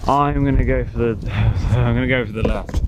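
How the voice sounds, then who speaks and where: A man's voice: mid-range voice, fairly even intonation, normal speed, background noise. Chatty man vlogging in a forest. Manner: chatty, joking, thinking aloud. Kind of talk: casual vlog commentary. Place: outdoors in a forest.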